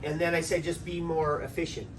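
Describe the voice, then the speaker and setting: A man's voice: on the high side, flat delivery, fairly quick. A man preaching an interactive sermon, talking casually with his congregation and often checking in with "right?". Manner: conversational, draws answers from the congregation, tags lines with "right?". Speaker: pastor. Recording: distant mic with faint background noise.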